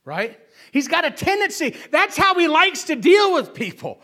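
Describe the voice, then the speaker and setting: A man preaches a sermon in a very high voice. His tone is bright and forceful. He swings between loud, emphatic calls and quiet asides, often asking the room for an amen. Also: sing-song, normal speed.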